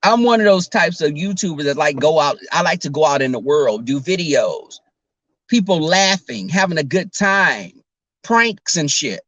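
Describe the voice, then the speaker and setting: A man with a fairly high voice talks straight to his viewers from his car, sassy and chatty. His sound is close and dry, with no room around it. He reads his live chat aloud between remarks. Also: animated, moderate pace, fairly bright tone, dry recording. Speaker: YouTuber. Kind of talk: casual livestream chat. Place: in a car while driving.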